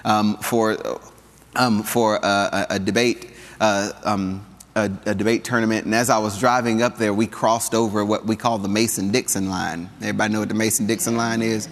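A man from the American South with a Southern drawl, preaching a sermon in an animated, conversational way with humor and call-and-response. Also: on the low side, normal speed. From Southern United States. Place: church sanctuary. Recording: long hall reverb.

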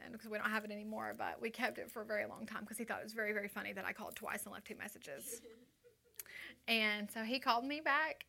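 A woman's voice: fairly high pitch, gravelly, pushed and bright. A woman telling her personal testimony to a live audience indoors, chatty and full of fillers, acting out the voices of the people in her story. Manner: chatty, acts out quoted voices, frequent fillers. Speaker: speaker giving her testimony.

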